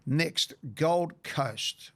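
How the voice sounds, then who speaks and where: An Australian man hosting a sports radio segment, briskly leading the talk through a list of teams in casual banter. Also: a little high, gravelly, a bit bright. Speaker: radio host.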